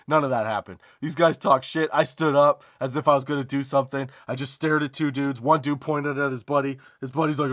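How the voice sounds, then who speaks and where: A man hosting a comedy podcast, telling a story as a profane, emphatic rant, drawn-out emphasis and rhetorical asides like "okay?". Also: mid-range voice, fairly even intonation, fairly bright tone, dry recording, studio quality. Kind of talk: comedic ranting monologue.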